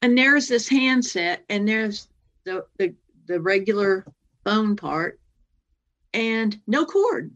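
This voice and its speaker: A woman's voice: medium pitch, expressive, slow pace, a bit bright, muffled recording. A woman in her sixties telling a personal story as a guest, rambling and often circling back to her point. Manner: rambling, keeps circling back with "well, anyway".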